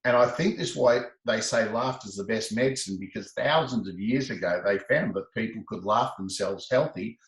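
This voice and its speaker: A man speaks as a guest in an interview, and his voice carries a roomy echo. He tells stories with energy and acts out the other people in his anecdotes with lively shifts in pitch. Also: moderate pace, few pauses. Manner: expressive, acts out quoted exchanges with rising pitch. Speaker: laughter specialist guest. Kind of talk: animated conversational storytelling.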